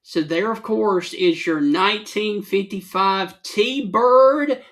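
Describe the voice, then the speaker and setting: A man's voice: high voice, slow, fairly bright tone. A man co-hosting a casual talk show, reading trivia and giving terse, matter-of-fact answers. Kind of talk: casual chat.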